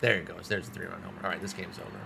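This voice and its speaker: A man's voice: deep voice, level tone, racing, vocal fry, heavy background noise. A man streaming a baseball management game, giving casual commentary in a frustrated, sarcastic way and swearing often.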